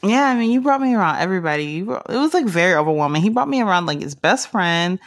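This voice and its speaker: A young woman hosting a casual podcast chat, animated and laughing often as she retells stories. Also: lowish voice, fast, no room sound, studio quality. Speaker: podcast host.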